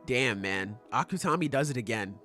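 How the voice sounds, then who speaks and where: Young male podcast co-host, excitable and loose, mid-pitched, faint music underneath. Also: moderate pace. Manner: excitable, swears a lot, many fillers. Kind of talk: casual chat.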